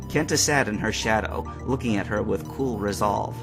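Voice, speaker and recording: A man narrating a fan-fiction story aloud with expressive storytelling. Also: on the low side, normal speed, few pauses, faint music behind.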